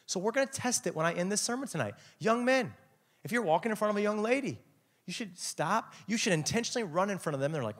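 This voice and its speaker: A young adult man preaching a lively, jokey youth sermon, acting out quotes with big swings in his voice. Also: high-pitched, fast talker. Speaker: youth pastor.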